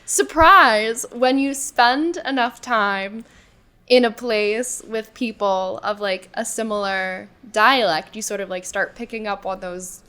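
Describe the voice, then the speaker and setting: A woman co-hosting a podcast, telling a chatty side story in a relaxed conversational way. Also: medium pitch, slow, clear, resonant tone. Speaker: podcast co-host. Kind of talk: casual chat.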